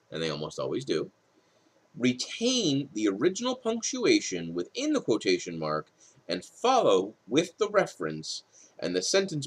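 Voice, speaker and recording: A male writing instructor, tired late at night, reads rules from a textbook in a recorded lecture and explains them with casual asides. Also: medium pitch.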